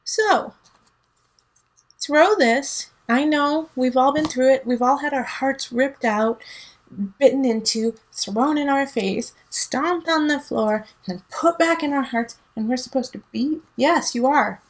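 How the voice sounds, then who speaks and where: A woman's voice: high-pitched, slow pace, low-quality recording. A woman giving a casual tarot reading, emphatic and teasing, laughing often, with a son at home. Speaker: tarot reader.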